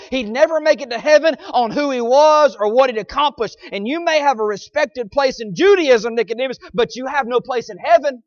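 A man preaching a sermon emphatically, often punctuating his points with amens and swinging between loud stresses and quiet asides. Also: very high-pitched, dry recording, muffled recording.

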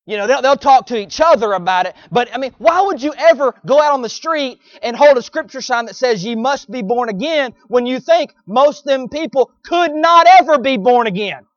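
Guy preaching a sermon, really high voice, folksy, kinda sarcastic, dry muffled recording. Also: no echo. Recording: dull lo-fi recording.

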